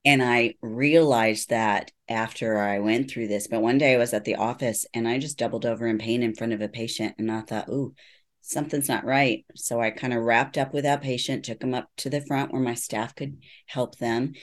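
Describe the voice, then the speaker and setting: A middle-aged woman with an extremely low, steady voice speaks a little fast. She's a neuropsychologist appearing as an interview guest, giving personal testimony with earnest storytelling and acting out quoted dialogue.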